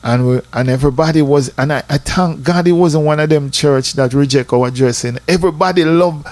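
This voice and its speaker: A man with a Jamaican accent telling a personal church testimony in a lively storytelling way, slipping into patois. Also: on the high side, fairly quick, dry recording. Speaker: church member giving testimony.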